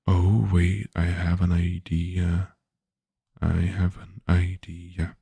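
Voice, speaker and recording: A man's voice: sits low, completely flat delivery, takes it slowly, gravelly, mellow, breathy edge, no room sound. A man, a game developer, thinking aloud casually while coding, hesitant with many filler sounds.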